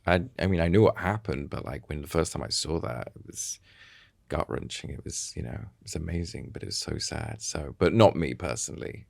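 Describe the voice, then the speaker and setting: A man's voice: extremely low pitch, a little fast, vocal fry, no echo, studio quality. A man in his thirties, a podcast guest, chatting casually and rambling through fillers and restarts. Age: 30s. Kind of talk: casual chat.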